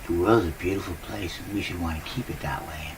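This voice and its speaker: A man's voice: sits low, fairly even intonation, fast, far from the mic, noisy background. A man talking to his viewers in a casual rambling monologue, upbeat and giggly, laughing often, on a new cheap microphone. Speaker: vlogger. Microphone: new cheap desk microphone.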